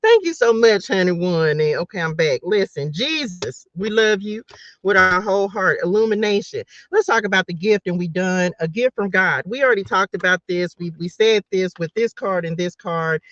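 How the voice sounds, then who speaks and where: A woman's voice: mid-range voice, animated, moderate pace, dry recording, lo-fi sound. A woman hosting a live tarot reading, chatting playfully with her viewers and laughing often. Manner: chatty, addresses viewers directly.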